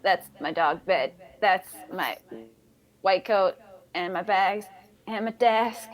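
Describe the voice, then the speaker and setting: A woman's voice: mid-range voice, slow pace. A woman co-hosting a casual live stream from her home office, talking in a wry, chatty way. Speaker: co-host.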